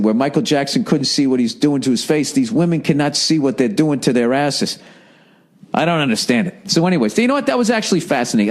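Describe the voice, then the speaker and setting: A man's voice: medium pitch, darkish tone. A middle-aged man hosting a podcast, telling stories in a profane, exasperated comedic rant. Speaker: podcast host.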